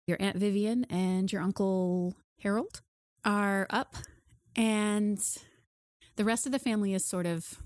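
A woman serving as game master, narrating a tabletop horror game in a relaxed, conversational way. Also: mid-range voice, dry recording.

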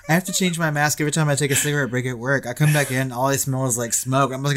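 A man's voice: medium pitch, steady tone, quick pace, hardly any pauses, fairly bright tone, slight background noise. A man co-hosting a movie podcast, bantering through outtakes, giggling and swearing freely. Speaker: podcast co-host.

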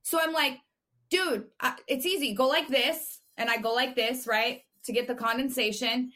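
A woman podcast co-host telling a profane, animated story in casual chat. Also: high voice, normal speed.

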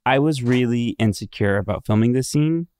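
A man's voice: medium pitch, moderate pace, darkish tone, clean tone, dry recording, clean studio sound. A man in his thirties co-hosting a casual podcast chat, telling stories earnestly and acting out what others said. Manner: earnest storytelling, acts out quotes. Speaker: podcast co-host.

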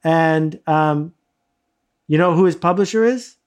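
A middle-aged man casually telling a self-mocking anecdote in lively bursts. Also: on the high side, a little slow. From United States. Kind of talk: casual storytelling.

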